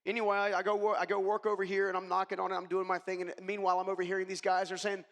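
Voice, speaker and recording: High-voiced man giving a keynote in a hall. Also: monotone, rapid-fire, hardly any pauses, a bit bright. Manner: emphatic, addresses the audience directly. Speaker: keynote speaker. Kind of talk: motivational keynote storytelling. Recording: long reverb of a large hall.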